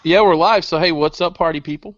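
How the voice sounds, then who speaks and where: A man's voice: fairly high pitch, brisk, no echo. A man with a slightly raised voice hosts a podcast, opening the show and hyping up each guest. The sound is dry and comes through dull video call audio. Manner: upbeat, hyped-up introductions. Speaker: podcast host. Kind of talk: hosting introductions.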